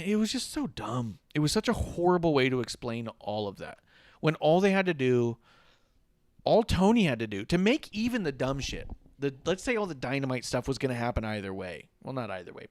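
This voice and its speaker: A man's voice: fairly high pitch, no echo. A man co-hosting a casual wrestling talk show, ranting with sarcasm and swearing freely. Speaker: podcast co-host.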